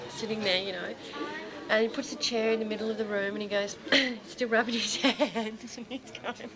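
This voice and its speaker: A woman's voice: a little high, normal speed, a crowd in the background. Chatty giggling woman telling a story. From Australia. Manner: chatty, laughs through her story, imitates others. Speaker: improvising actor telling an anecdote. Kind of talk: improvised casual storytelling.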